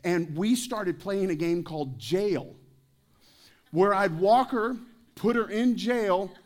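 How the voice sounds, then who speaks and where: Pastor, male, slightly raised pitch; preaches through anecdotes and jokes, asks the room questions. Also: takes it slowly. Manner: joking, anecdotal storytelling; addresses the congregation with questions. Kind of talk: sermon. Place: church service.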